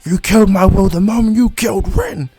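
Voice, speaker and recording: A man's voice: fairly low pitch, steady tone, normal speed, no echo, lightly acted. A man voicing a bitter, scornful young male ninja with a mocking manner.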